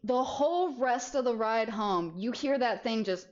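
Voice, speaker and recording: A young adult woman streamer telling a story in casual chat, animated and often laughing as she goes. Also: on the high side, a little slow, muffled recording, noisy background. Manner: animated, laughs through the story, frequent restarts.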